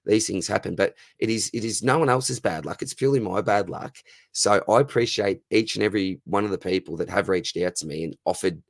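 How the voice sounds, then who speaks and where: A man in his thirties with an Australian accent, hosting a casual live Q&A, chatty and friendly, his voice going a bit hoarse. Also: on the low side, fairly quick, no room sound. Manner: friendly, says "mate" constantly. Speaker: fantasy football livestream host. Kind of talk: casual live Q&A, reading chat questions.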